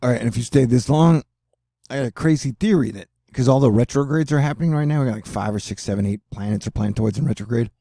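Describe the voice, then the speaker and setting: Medium in pitch, quick and dark-toned, this middle-aged American man is captured in a dry, studio-quality recording. He hosts a laid-back weather video, wandering off topic, joking around and using plenty of fillers.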